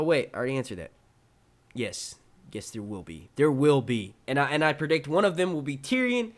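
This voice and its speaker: A man with a New York accent hosting a casual live-stream Q&A, answering chat questions in an excitable, rambling way and swearing casually. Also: medium pitch.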